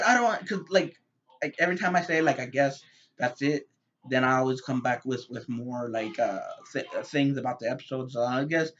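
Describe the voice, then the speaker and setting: A man's voice: mid-range voice, fairly bright tone. Male reviewer, casual and rambling, stumbles over words; slightly muffled home recording. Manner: rambling, many fillers and repeated words. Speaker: TV show reviewer.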